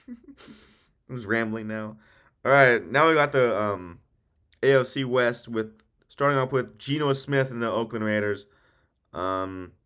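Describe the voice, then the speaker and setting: A man's voice: medium pitch, fairly bright tone, clean tone. A young man giving casual, rambling football commentary, swearing often and working himself into heated rants. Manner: profane, rambling, heated rants with many ums. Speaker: sports video host.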